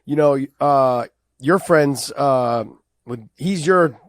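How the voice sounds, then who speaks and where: A man co-hosting a podcast, chatting in a loose, excitable way with plenty of swearing. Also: medium pitch, slow, no echo, studio quality. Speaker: podcast co-host. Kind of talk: casual chat.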